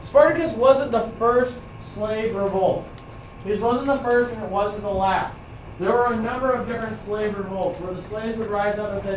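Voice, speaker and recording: A high-voiced man teaches a history class, telling his students a story and frequently restarting his sentences at a normal pace. It's a classroom lecture picked up by a far-off camera, so the sound is echoey with background noise.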